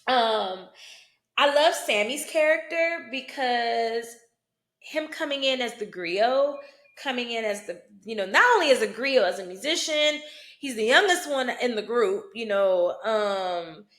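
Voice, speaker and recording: A fairly high-voiced woman talks through a film in a relaxed, conversational way, often tossing in "you know" and "right?". She speaks as a root worker. Her voice rings off the walls of an echoey room. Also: measured pace. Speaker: hoodoo root worker and vlogger. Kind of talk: casual film commentary.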